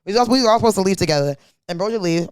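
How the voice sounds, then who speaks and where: A woman's voice: medium pitch, very fast, smooth, dry recording. A young woman co-hosting a podcast in a studio, telling a story in casual chat with lots of slang and swearing, acting out what people said. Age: young adult. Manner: slangy, profane, animated storyteller acting out quotes. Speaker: podcast co-host.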